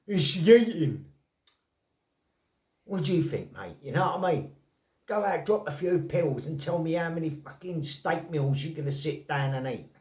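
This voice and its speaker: A blunt, rambling man chatting casually to camera as a vlogger, swearing and laughing in disbelief. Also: fairly high pitch. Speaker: vlogger on snaring and trapping. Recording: roomy, from a distance.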